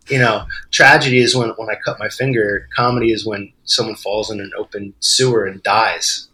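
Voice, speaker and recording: A man's voice: mid-range voice, steady tone, normal speed, bright, forceful tone, low-quality recording. A man with a New Jersey accent, a guest author telling a rambling story in casual podcast chat, laughing easily.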